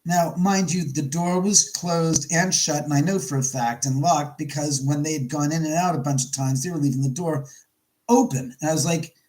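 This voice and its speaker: A man's voice: on the high side, steady tone, normal speed, a little mellow, poor audio. A man hosting a casual live stream from his home, rambling and stopping to greet viewers by name. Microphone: camera mic on a live stream.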